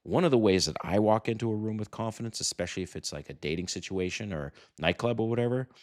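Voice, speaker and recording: A middle-aged man giving dating advice to camera in a brash, profane, animated way, acting out quotes. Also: lowish voice, fast talker. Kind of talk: casual to-camera talk. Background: sirens outside.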